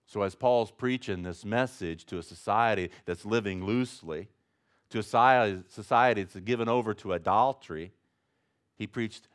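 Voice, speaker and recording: A male pastor preaching a sermon, with big swings between loud and soft and jokes along the way. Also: fairly low pitch, moderate pace.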